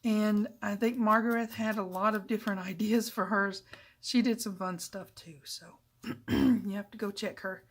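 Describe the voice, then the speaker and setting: A woman's voice: medium pitch, steady tone, moderate pace. A middle-aged woman hosting a casual crafting tutorial, chatty and self-deprecating, with frequent asides as she works. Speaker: papercraft channel host.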